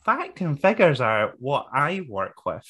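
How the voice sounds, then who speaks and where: A man's voice: medium pitch, big pitch swings, unhurried, fairly bright tone, slightly rough. A man co-hosting a podcast, recapping wrestling in blunt, sweary casual chat and laughing often.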